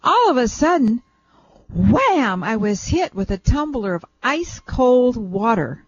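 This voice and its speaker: An older woman hosting a radio show, telling a family story in a chatty, animated way. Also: on the high side, slow, slightly rough. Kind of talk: casual radio chat, storytelling. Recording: dull lo-fi radio sound.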